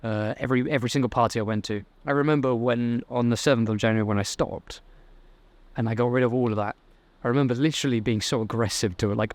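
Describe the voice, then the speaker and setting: A man's voice: mid-range voice, fairly even intonation, fast. A young man, giving a blunt, swearing motivational talk to camera as a self-improvement vlogger. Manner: blunt, profane, fired-up.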